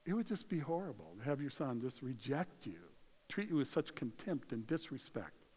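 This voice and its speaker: A man preaching a sermon in a conversational way, swinging between loud emphasis and hushed moments, in a church. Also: medium pitch, sing-song, normal speed, slightly rough. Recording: long hall reverb.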